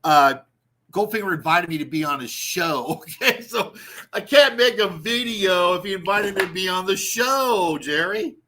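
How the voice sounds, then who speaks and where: A man hosting a show in a profane comedic rant, swinging into shouted bursts and drawn-out emphasis. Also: sits high, lively intonation. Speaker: show host. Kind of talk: ranting comedic monologue.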